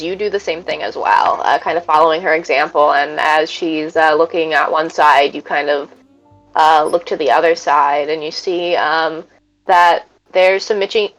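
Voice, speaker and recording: A woman's voice: lowish voice, low-quality recording. A woman narrating as game master of a tabletop game, hesitant with many fillers.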